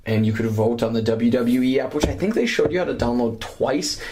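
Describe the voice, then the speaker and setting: A man's voice: a little fast, mellow, slight background noise. A man co-hosting a casual podcast, joking around and sometimes slipping into silly voices. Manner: jokey, breaks into silly high voices and impressions. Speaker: podcast co-host. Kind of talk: casual chat.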